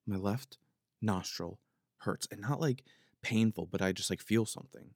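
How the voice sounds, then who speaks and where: In clean studio sound on a dry recording, a man with a fairly low voice speaks at a moderate pace. Hosting his podcast, he rambles through a long, casual comedic story filled with "like" fillers.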